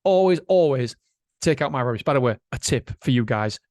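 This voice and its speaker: A man hosting a solo motivational podcast, chatty and animated, swearing casually. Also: medium pitch, brisk, dry recording, studio quality. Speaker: podcast host.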